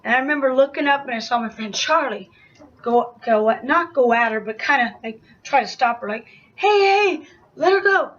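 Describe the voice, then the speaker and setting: A young woman telling a personal story to camera in a casual, animated way, full of "like" and acted-out quotes. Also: a little high, fairly quick, lo-fi sound. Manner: animated retelling, acts out quoted shouts, frequent "like" fillers.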